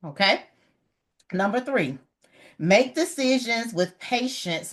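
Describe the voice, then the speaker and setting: A middle-aged woman giving an animated, emphatic motivational talk on leadership, repeating her key points. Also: fairly low pitch, unhurried. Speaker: leadership educator.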